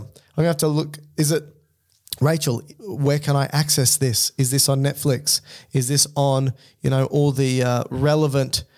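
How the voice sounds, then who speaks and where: A man's voice: fairly high pitch, darkish tone. A man co-hosting a podcast, reading listener emails in casual, joking chat and explaining things step by step. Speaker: podcast co-host.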